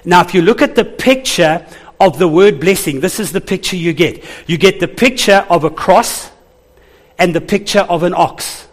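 High-voiced pastor preaching to his church. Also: moderate pace. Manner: calls out to the congregation for responses. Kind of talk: sermon.

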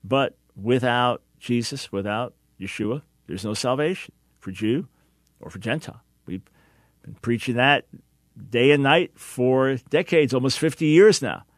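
A man's voice: mid-range voice, a little slow, no room sound, studio quality. A man hosting a call-in radio talk show, speaking earnestly and emphatically, often repeating words as he starts a sentence.

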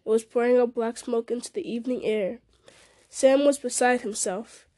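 A woman reads a fantasy novel aloud in a steady voice, now and then slipping and restarting a word. Her voice sits somewhat high and mellow, and the recording is close and dry. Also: normal speed, no room sound. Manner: steady, with small slips and restarts. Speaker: story reader.

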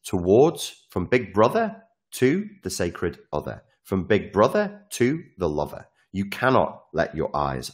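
Deep-voiced, animated man monologuing. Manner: animated, swearing, acts out quotes. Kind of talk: casual monologue.

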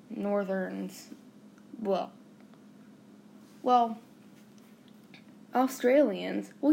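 A woman's voice: medium pitch, darkish tone, a little hiss or hum. A young woman from the Southern US with a Southern accent, hosting her own podcast in a bubbly, rambling, joking way. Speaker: podcast host. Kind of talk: casual chatty podcast monologue.

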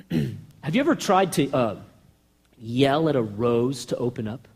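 A man preaching a sermon with passion and rhetorical questions, swinging between loud bursts and hushed lines. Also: medium pitch, expressive, unhurried, gravelly.

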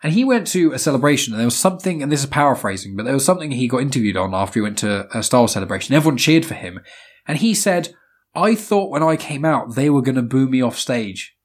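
An animated man with a husky edge to his voice, talking through a casual podcast discussion. His pitch swings widely as he rambles, laughs and swears his way through his points. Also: fast talker. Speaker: podcast host.

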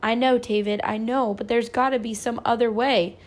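A woman's voice: on the high side, steady tone, normal speed, close to an everyday voice. A woman reading aloud, voicing an anxious mother pleading with her husband. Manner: urgent, pleading.

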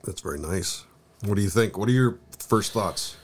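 A man's voice: fairly low pitch, moderate pace. A man co-hosting a podcast in casual chat, joking and laughing easily, sometimes tripping over his words. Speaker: podcast co-host.

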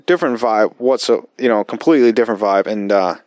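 A man's voice: lowish voice, quick pace, a little mellow, no room sound. Male vet podcaster, casual swearing storyteller, dry close sound. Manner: profane, rambling, with frequent fillers. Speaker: podcast host, military veteran.

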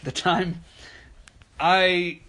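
A man's voice: high voice, steady tone, drawn-out words, sharp tone. A young man telling rambling, profane stories in casual chat and acting out the people he quotes. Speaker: podcast co-host telling stories.

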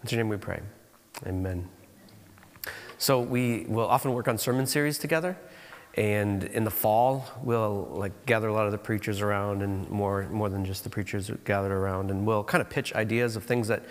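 A man preaching a sermon in a church, telling stories in an animated way with frequent restarts. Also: on the low side, long reverb tail. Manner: animated storytelling, halting restarts. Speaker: pastor. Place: church auditorium.

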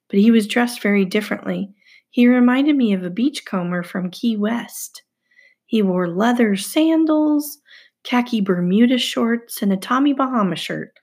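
Woman narrator, husky, some fry, steady first-person storytelling. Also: mid-range voice. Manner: steady storytelling, hushed asides. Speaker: audiobook narrator. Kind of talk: first-person novel reading.

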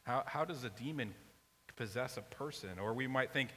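A man's voice: mid-range voice, normal speed, a bit bright. A man preaching a sermon in an emphatic, conversational way. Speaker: pastor. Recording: long reverb, faint hiss.

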